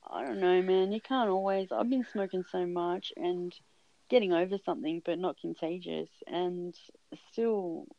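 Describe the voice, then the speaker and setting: Creaky-voiced Australian woman, lo-fi. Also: fairly low pitch, normal speed, dry recording. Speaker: podcast co-host and musician. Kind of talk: casual chat. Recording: dull lo-fi sound.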